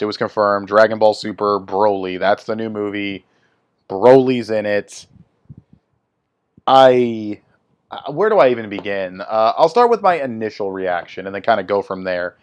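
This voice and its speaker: A man's voice: on the low side, dull audio. A young man hosting his own video, giving a blunt, swearing opinion rant in a casual way. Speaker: video host.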